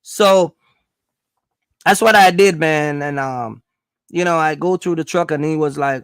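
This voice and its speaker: A man's voice: fairly high pitch, a little slow, vocal fry, pauses often, smooth, no room sound, clean studio sound. A man from Jamaica with a Jamaican accent, livestreaming from home as he rambles through a story with lots of fillers, then turns stern and warns his viewers.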